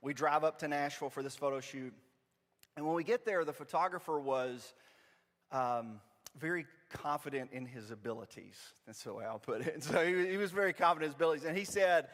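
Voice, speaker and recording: A man, preaching a storytelling sermon in a church, animated and self-deprecating. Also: fairly high pitch, a little fast. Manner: animated, self-deprecating, quotes family in voices. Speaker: pastor. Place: church sanctuary. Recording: long reverb of a church hall.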